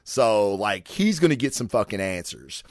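A man's voice: lowish voice, very animated, normal speed, no room sound, studio quality. A man casually reviewing comic books, cursing freely and rambling with lots of fillers. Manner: profane, chatty, rambling with fillers. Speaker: comic book show host.

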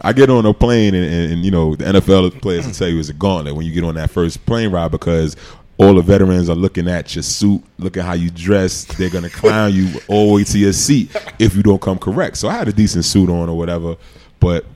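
A man, telling stories as a guest in a casual interview, animated and laughing often. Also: low voice, a little fast. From New York City. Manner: animated storyteller, laughs often, acts out quotes. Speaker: podcast guest, former football player.

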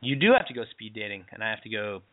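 A man's voice: on the low side, sing-song, quick pace. A man co-hosting a radio show about dating, chatting in a laid-back, slangy, rambling way. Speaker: radio co-host. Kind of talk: casual chat. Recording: phone-like narrow sound.

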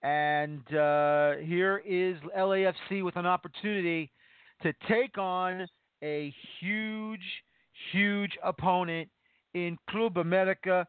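A man hosting a soccer talk radio show, speaking with excited emphasis. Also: sits high, slow pace, smooth, no room sound. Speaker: podcast host. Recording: tinny phone-line sound.

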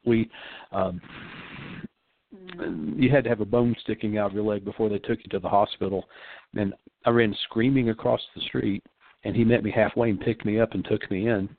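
A man's voice: on the low side, steady tone, normal speed, no echo. An older man, a pastor, giving an earnest sermon-style radio talk and repeating phrases for emphasis. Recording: phone-like dry line.

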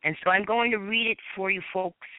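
A woman's voice: medium pitch, fairly even intonation, dry recording. A woman from Massachusetts giving a fervent personal testimony as a guest panelist and reading scripture aloud, sometimes stumbling and restarting. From Massachusetts, USA. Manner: earnest, fervent, with halting restarts. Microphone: phone call. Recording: tinny phone line on internet radio.

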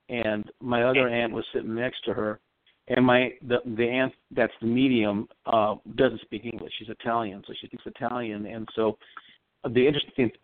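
A man speaks over a thin, dry phone line, and his voice sits at an ordinary middle pitch. He is a psychic medium telling a long story in a rambling, earnest, conversational way. The sound is close and dead, with no room around it. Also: dry recording. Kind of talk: casual storytelling on a call-in show.

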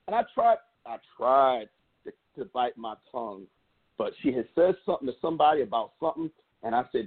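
A man's voice: mid-range voice, big pitch swings, fairly quick, husky. A middle-aged man, a podcast co-host, telling a story in casual chat with a passionate, emphatic manner. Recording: tinny phone-like sound.

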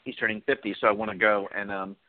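A man co-hosting a podcast in casual chat, relaxed and rambling with fillers. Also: lowish voice, quick pace, no room sound. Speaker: podcast co-host. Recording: dry, phone-like sound.

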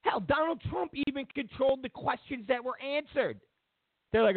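A man's voice: very high voice, lively intonation, normal speed, no echo. A man hosting a political commentary show, ranting sarcastically and mocking others in put-on voices. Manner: sarcastic, mocks others in exaggerated voices, repeats himself for emphasis. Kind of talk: opinionated political rant. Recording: dry, phone-like narrow sound.

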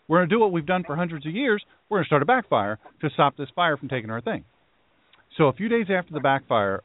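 A man hosting a political talk show, ranting in heated, animated bursts and mocking others. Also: medium pitch, dry recording. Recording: tinny phone-like line.

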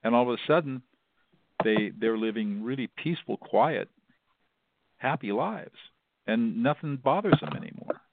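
A man's voice: mid-range voice, expressive, normal speed, long pauses, noisy background. A middle-aged man, a mediator being interviewed, explaining his methods in an earnest way and restarting phrases often. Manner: earnest, explanatory, repeats words when restarting. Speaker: mediator, guest. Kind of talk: interview answers. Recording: dry phone-like line.

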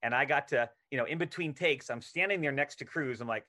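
A middle-aged man telling a long anecdote as a podcast guest. He talks casually and with energy, and he acts out the lines he quotes. His voice sits in a middle pitch. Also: fairly quick, sharp tone. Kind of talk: casual storytelling interview.

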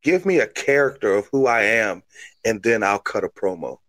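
A man's voice: on the low side, sing-song, normal speed, fairly bright tone, no room sound. A man co-hosting a wrestling podcast in laid-back, joking casual chat. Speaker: podcast co-host.

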